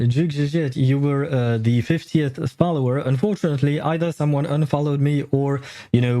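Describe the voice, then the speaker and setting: A man's voice: mid-range voice, dark tone. A man streaming live, chatting casually and rambling with many fillers, self-corrections and laughs; English is not his first language. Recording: faint music behind. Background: faint game music.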